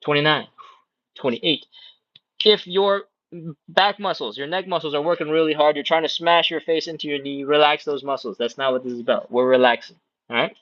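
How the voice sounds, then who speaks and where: Male stretch coach, somewhat high voice, close and dry, a bit dull lo-fi sound; calm, encouraging breath cues. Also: fairly quick, dry recording. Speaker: stretching instructor. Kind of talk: live workout instruction, cueing breaths and counting.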